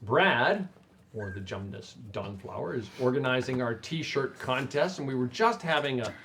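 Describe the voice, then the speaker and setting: Guy hosting a d&d stream, bouncy lively delivery, loud hiss on the mic. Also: medium pitch, normal speed. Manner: upbeat announcer reading a welcome script. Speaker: stream host. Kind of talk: scripted stream intro, then casual chat. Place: room with tabletop game group. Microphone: desk microphone.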